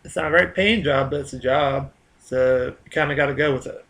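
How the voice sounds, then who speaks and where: A man's voice: mid-range voice, brisk, gravelly, a bit bright. A man with a Southern US accent, rambling casually in a vlog monologue, chatty and full of fillers and restarts. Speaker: vlogger.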